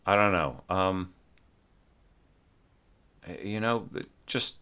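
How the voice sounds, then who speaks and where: With a deep, clean, sharp-toned voice, an orchestration teacher rambles through a loose spoken critique of a student's orchestration. He draws out words, uses lively intonation, and fills his talk with fillers and sung musical figures.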